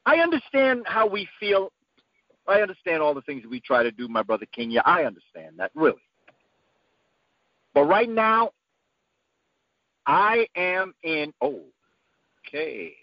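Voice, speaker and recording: A man giving an emphatic, preacherly talk whose voice climbs to high peaks. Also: animated, measured pace, long pauses, no echo. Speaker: guest speaker. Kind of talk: impassioned lecture-style talk. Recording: dull lo-fi dry sound.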